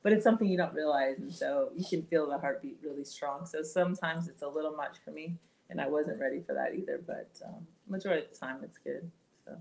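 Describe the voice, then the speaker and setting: A woman's voice: low-pitched, fast talker, gravelly, darkish tone, slight background noise, rough recording. A middle-aged woman, a podcast guest, candidly telling a personal story and laughing through the hard parts.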